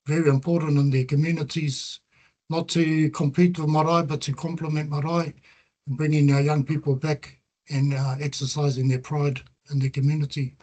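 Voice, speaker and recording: A middle-aged man with a New Zealand accent, his voice sitting a little higher than most men's. He presents his research in an earnest, reflective way. He weaves Māori words into his English as he speaks. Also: flat delivery, normal speed, darkish tone. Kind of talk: presentation talk with slides.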